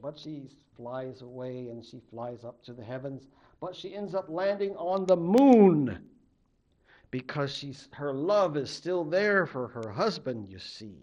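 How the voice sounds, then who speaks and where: A man from a Native American tribe, a college literature instructor telling a legend in an animated lecture, acting out the characters. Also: on the high side, measured pace. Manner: animated, acts out the characters' voices. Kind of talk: storytelling lecture.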